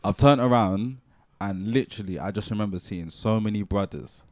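A young man, telling a story on a podcast in animated slang. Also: on the low side, normal speed, no echo, clean studio sound. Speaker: podcast co-host. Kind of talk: casual storytelling chat.

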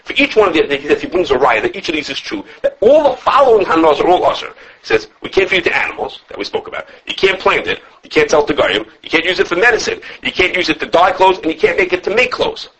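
Fast, animated man teaching in a husky voice. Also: high voice. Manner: animated, quick, self-correcting, answers questions. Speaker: Torah teacher. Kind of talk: informal halachic class. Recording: dull lo-fi recording.

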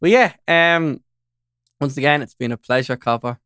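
A man's voice: a little high, moderate pace, a bit bright, clean tone, no room sound, studio quality. A man with an Irish accent hosting a podcast, chatting in an upbeat, eager way and often repeating his agreement. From Ireland. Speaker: podcast host. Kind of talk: casual chat.

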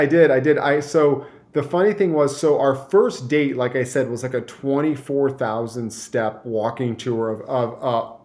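A young man from Michigan, a guest telling a story in casual chat, rambling with many fillers and restarts. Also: mid-range voice.

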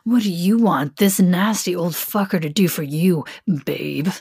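A woman doing a gruff crude older man. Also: a little slow, a little mellow. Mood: teasing. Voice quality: lowered, gruff.

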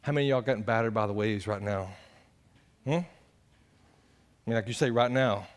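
A man preaching a sermon, animated and conversational, swinging between loud exclamations and hushed earnest passages. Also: on the low side, fairly quick. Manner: conversational, addresses the congregation directly. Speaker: pastor.

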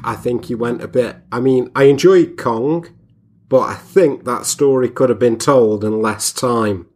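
A man co-hosting a podcast, relaxed and making dry remarks. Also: mid-range voice, a little slow. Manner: laid-back, dry quips. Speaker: podcast co-host. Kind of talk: casual chat.

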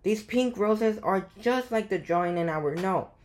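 A woman reading aloud as an eager young girl detective, in a slowish storybook voice. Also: mid-range voice, animated, a little mellow, close to an everyday voice.

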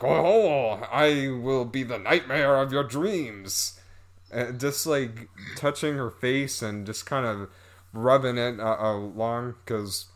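A man's voice: mid-range voice, fairly bright tone. A man reviewing a movie in a casual, rambling, sarcastic way, stopping to laugh at it.

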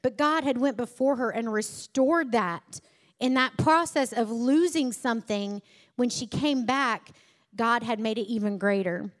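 Female preacher mid-sermon, storytelling style with emphatic climaxes, pitched slightly high. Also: measured pace.

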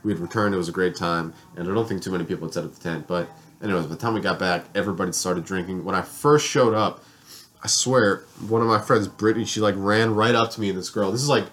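A man's voice: sits low, fast talker, a bit bright. A young man on a podcast, telling a long party story with lots of swearing and fillers. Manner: rambling, profane, filler-heavy storytelling. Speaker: podcast co-host. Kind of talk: casual storytelling chat.

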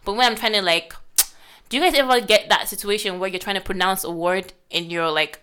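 A young woman with a Nigerian accent, chatting casually and quickly with lots of fillers. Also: mid-range voice, fairly bright tone, clean tone. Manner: fast-talking, lots of fillers. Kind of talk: casual chat.

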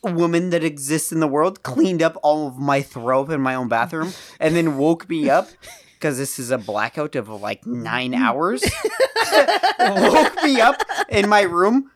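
A young man co-hosting a podcast, telling a rambling story with laughs, swinging between loud and quiet. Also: a little high, animated, a little slow, no echo, studio quality. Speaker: podcast co-host. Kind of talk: casual storytelling chat.

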